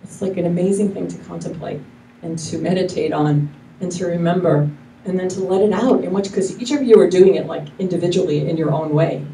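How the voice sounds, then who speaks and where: A woman minister preaches in a loose, effusive, rambling way, often breaking off and restarting her sentences. Her voice is low and mellow. It is recorded from a distance in an echoey hall, with faint noise behind her. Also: a little fast. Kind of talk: casual sermon. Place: church hall with live congregation.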